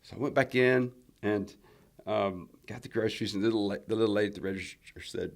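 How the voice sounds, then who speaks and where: A man's voice: lowish voice, fast talker, vocal fry. A man from Alabama, a country singer telling rambling stories in a casual interview. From Alabama, USA. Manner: rambling storyteller, many restarts and fillers.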